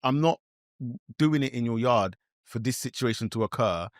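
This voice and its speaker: A man's voice: medium pitch, expressive, moderate pace, dry recording. A man trades blunt, emphatic remarks on a podcast. His voice moves up and down expressively. It is recorded close and dry. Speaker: podcast co-host. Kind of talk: casual banter.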